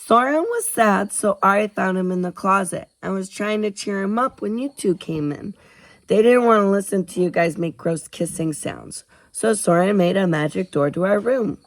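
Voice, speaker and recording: A man voicing an excitable, pushy little girl who shouts and giggles in a storybook reading. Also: medium pitch, moderate pace, dry recording, pitched above the performer's own voice, natural voice. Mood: gleeful.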